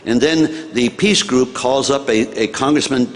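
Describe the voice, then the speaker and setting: Older American man telling an animated story. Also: medium pitch, measured pace, a little hiss or hum. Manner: animated, acts out dialogue, chuckles at own story. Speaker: former senator telling a story. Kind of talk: anecdotal storytelling to an audience.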